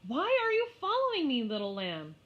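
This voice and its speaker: A woman's voice: high-pitched, wildly swooping pitch, moderate pace, voice pushed up. A woman voicing an exasperated young schoolgirl who daydreams and keeps losing her temper. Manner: whiny, frustrated outbursts. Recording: slightly muffled lo-fi.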